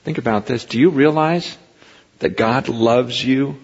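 A pastor giving a sermon in a conversational preaching style that rises into impassioned emphasis, recorded in a large hall. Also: male voice, medium pitch, a little slow, gravelly, slightly rough. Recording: muffled recording with long hall reverb.

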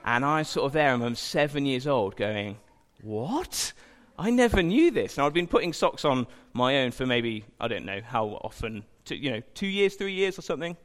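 Chatty young preacher in a reverberant hall. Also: male voice, mid-range voice, lively intonation, brisk, few pauses, fairly bright tone. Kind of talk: informal sermon with humour. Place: church hall.

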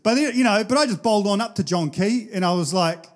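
High-voiced New Zealand pastor, chatty. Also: male voice, a little fast. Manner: casual anecdotal storytelling, chatty with many fillers. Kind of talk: sermon.

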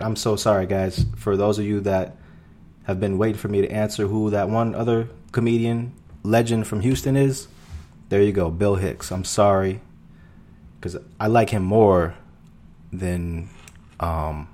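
Deep-voiced rambling young man. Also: darkish tone. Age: 20s. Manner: rambling, profane, self-deprecating. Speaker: podcast host and open-mic comedian. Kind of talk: casual solo podcast monologue.

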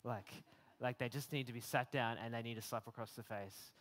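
A man preaching a sermon in a conversational way, with many fillers and restarts, getting animated at times. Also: mid-range voice, fairly quick, in a large hall. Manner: animated when voicing imagined rebukes.

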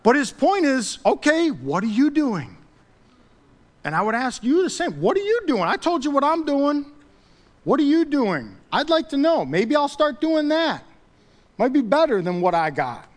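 A man preaching a sermon as pastor, pressing his points by repeating them, then praying softly. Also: sing-song, moderate pace. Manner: emphatic, repeats key phrases; drops to a soft low voice for prayer.

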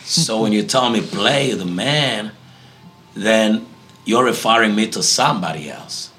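A man's voice: fairly low pitch, a little slow, sharp tone, faint music behind. A man from Africa, a pastor answering interview questions in a preaching tone, emphatic and fond of repeating key phrases. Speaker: guest pastor.

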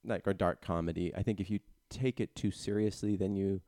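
A man hosting a casual chat, relaxed and agreeable, reading out listener comments. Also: deep voice, a little fast, no echo, clean studio sound.

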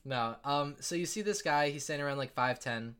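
A man's voice: fairly high pitch, fairly quick, a bit bright, clear, resonant tone. A man narrating as game master, rambling with many fillers and jumping into character voices.

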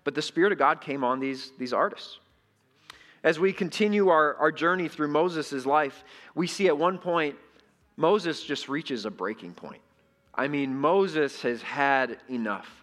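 A middle-aged male pastor preaches in a church sanctuary in a fairly high, slightly bright voice, a little slowly. He keeps it conversational and often asks the congregation questions, and the hall sounds echoey.

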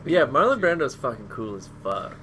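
A man co-hosting a podcast talks in an animated, storytelling way, slipping into quick impressions and laughing along. His voice is bright and forward. A faint hum sits behind him. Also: mid-range voice. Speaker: podcast co-host. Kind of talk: casual chat.

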